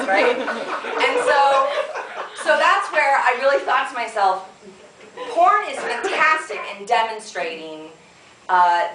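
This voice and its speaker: A woman giving a frank, chatty conference talk, laughing often and checking in with the audience. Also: mid-range voice. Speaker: conference presenter. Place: conference room. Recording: echoey room from a distance.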